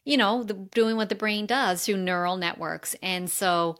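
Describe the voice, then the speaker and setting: Woman, mindset coach, interview guest, earnest, explanatory, mid pitch. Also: measured pace, a bit bright. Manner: earnest and explanatory, with fillers like "right?". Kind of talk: casual conversational interview.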